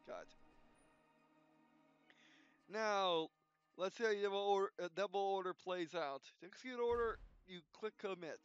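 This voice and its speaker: A man hosting a gameplay video, reading tutorial text aloud with halting restarts and yawns. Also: sits high, clean tone, dry recording, dull audio, soft background music. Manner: halting, frequent restarts, yawning. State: yawning.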